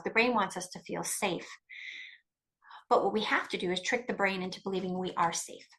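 Middle-aged woman guest on an interview, bright voice, super emphatic, talks fast and keeps restarting. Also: medium pitch. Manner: emphatic, animated, restarts often. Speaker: guest expert on coercive control. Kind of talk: conversational interview.

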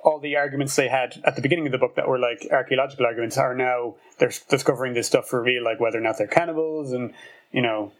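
A man's voice: medium pitch, steady tone, quick pace. A man co-hosting a podcast, talking animatedly about a book and laughing often. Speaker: podcast co-host. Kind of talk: casual book review chat.

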